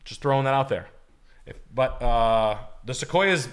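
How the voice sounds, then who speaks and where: A man's voice: medium pitch, expressive, moderate pace. A man co-hosting a livestream, rambling and profane as he gives blunt opinions on houses and cars. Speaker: co-host. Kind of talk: livestream casual chat.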